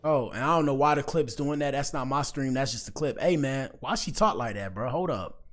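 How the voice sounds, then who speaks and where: A man's voice: medium pitch, fairly quick, a bit bright, a little hiss or hum. A man talking casually to his chat as a livestream commentary host, rambling and slangy. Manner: rambling, slangy, addresses chat often with "bro".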